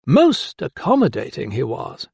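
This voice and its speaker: Male narrator puts on a sneering, drawn-out older magistrate voice; raised pitch, gravelly edge. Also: huge pitch swings, a little mellow, no room sound, exaggerated voice. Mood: smug. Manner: drawn-out, relishing delivery. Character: sly older male magistrate, smug and mocking. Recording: dry close studio sound.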